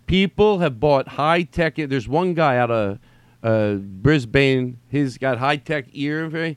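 A man of middle pitch rambles through a solo podcast from home, drifting between tangents and circling back to repeat himself. He swears freely and keeps the talk loose and casual. His voice sounds close and dry, with no room around it. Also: lively intonation, slow pace, clean tone, no room sound. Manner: digressive, profane, repeats himself. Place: at home during quarantine.

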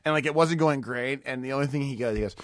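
A comedian guest on a podcast, telling stories in lively casual chat and swearing freely. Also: male voice, mid-range voice, fast, no echo, studio quality. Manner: animated storytelling, swears freely.

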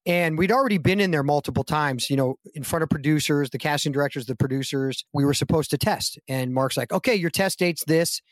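Animated storytelling man, dry close sound. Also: on the high side, fairly quick, hardly any pauses, no room sound. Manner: animated anecdote-telling, acts out quotes in raised voice. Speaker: guest actor. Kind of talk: casual storytelling in a podcast interview.

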